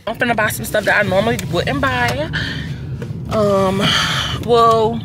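A young woman vlogging from her car, chatting casually to her phone camera in a slangy, expressive way, swearing freely. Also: a little high, measured pace, background noise. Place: inside a car, on the road.

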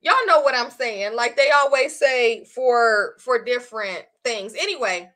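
A woman selling her online design course in casual live-stream chat, animated and chatty, often calling her viewers y'all. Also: a little high, a little slow.

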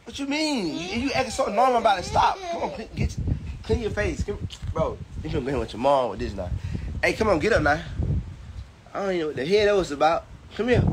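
A young man and father, chatting casually on a vlog while he films his toddler, laughing and teasing in a loose, profane way. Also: high-pitched. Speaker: vlogger and father. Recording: noisy home video.

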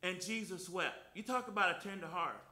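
An older man preaching a fervent sermon in church, breaking into loud hallelujahs and softening when he reads scripture. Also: high-pitched, expressive, a little fast, reverberant. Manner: fervent, shouting hallelujahs, drops soft for scripture. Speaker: guest preacher. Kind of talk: lively Easter sermon with scripture reading.

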